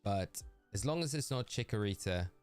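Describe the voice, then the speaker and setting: A livestreamer from the north-east of England chats easily with his viewers in a lowish voice, his northeastern English accent plain throughout. He laughs often and answers people by name, and faint music plays softly behind him. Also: animated, moderate pace, smooth. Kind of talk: casual livestream chat while gaming.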